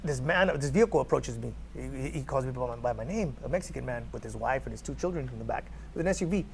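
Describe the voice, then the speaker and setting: A Californian man appearing as a podcast guest tells a story animatedly at a fast clip, his medium-pitched voice carrying vocal fry. He repeats words often and acts out quoted dialogue, with a little hiss or hum in the recording.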